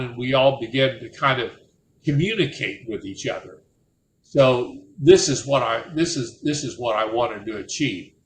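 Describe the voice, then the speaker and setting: A man's voice: mid-range voice, a bit bright, a little hiss or hum. An older man, a retired Marine officer, tells rambling anecdotes, breaking off and restarting as he goes. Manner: rambling, self-interrupting storyteller. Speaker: retired Marine officer telling war stories. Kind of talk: anecdotal storytelling. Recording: roomy with faint ambience.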